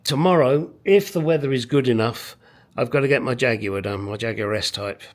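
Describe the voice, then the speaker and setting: A motorcycle restoration vlogger works on a bike in his home garage workshop, muttering and swearing as he walks viewers through the job. His voice sits in the mid-range and moves at a moderate pace, like casual workshop commentary.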